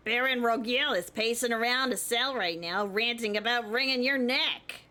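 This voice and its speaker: A woman's voice: fairly high pitch, moderate pace, pushed and bright. A woman voicing a blunt, mocking male prison guard while reading a visual novel aloud. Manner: casual and mocking.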